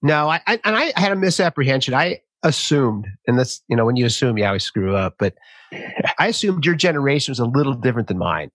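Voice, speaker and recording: A man in his fifties hosting a conversational interview, an animated storyteller. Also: medium pitch, fast, dry recording. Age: 50s. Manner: lively storyteller who acts out quotes in raised voices. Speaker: podcast host.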